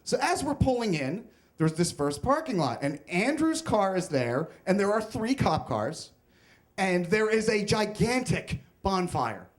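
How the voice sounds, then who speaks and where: A man's voice: high voice, very animated, measured pace. A young man telling a comic, self-mocking personal story on stage at a live storytelling event.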